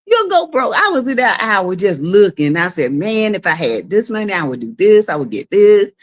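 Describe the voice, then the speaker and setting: A woman's voice: mid-range voice, lively intonation, normal speed, few pauses. A woman hosting a casual live stream from her home, chatting with viewers, greeting them by name and laughing often. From South Carolina. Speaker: livestream host.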